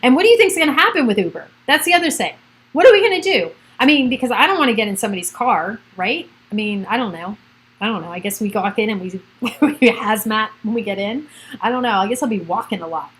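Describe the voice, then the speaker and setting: A woman's voice: mid-range voice, animated, fast, a bit bright, low-quality recording. A middle-aged woman, a realtor hosting a casual livestream from home, chatting in a rambling way and laughing often. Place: at home by a computer.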